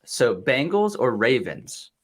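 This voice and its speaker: A young man hosting a podcast, gently and playfully chatting with his toddler son. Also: medium pitch, sing-song, takes it slowly, breathy edge. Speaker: podcast host.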